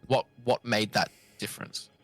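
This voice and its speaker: A man's voice: fairly low pitch, fairly even intonation, moderate pace, a bit bright, dry recording, faint music behind. A man playing a tabletop game, pleading and arguing his case to the game master in a playful way. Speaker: player.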